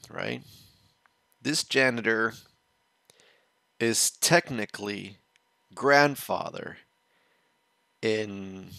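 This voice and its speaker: A man's voice: fairly low pitch, gravelly, bright, forceful tone, no echo. A man hosting a reaction show, telling a long story in a casual, rambling way and restarting his phrases as he explains. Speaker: watch-along reaction host.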